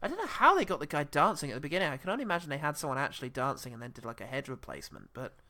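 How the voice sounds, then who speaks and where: A man co-hosting a casual film-review podcast, animated and giggly, often laughing between thoughts. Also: fairly high pitch, racing. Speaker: podcast co-host.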